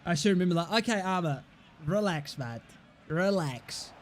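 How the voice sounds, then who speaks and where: A young man with a fairly high voice talks through a football video game. He is blunt and mocking and swears freely. A faint background hiss sits under his voice. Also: animated, moderate pace. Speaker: gaming streamer. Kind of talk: casual football game commentary.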